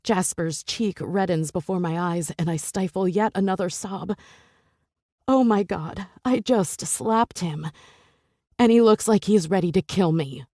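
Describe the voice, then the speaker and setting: A woman's voice: on the low side, measured pace, dark tone, dry recording, clean studio sound. A woman narrating a first-person romance audiobook with intense, emotional delivery.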